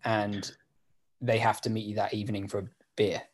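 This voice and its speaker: A man in casual chat, telling ideas in a relaxed, rambling way with fillers. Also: on the low side, moderate pace.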